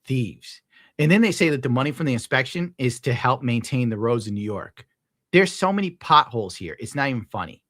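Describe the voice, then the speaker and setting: A man's voice: mid-range voice, brisk, fairly bright tone, dry recording, clean studio sound. Profane ranting male livestreamer. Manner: profane, ranting, gets worked up. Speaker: livestreamer reading viewer tips. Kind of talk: casual livestream chat.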